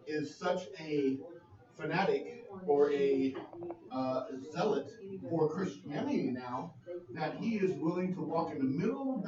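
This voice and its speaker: A man leading a small group Bible study, teaching in an earnest, halting way with many pauses. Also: on the high side. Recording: roomy lo-fi sound from a distant mic.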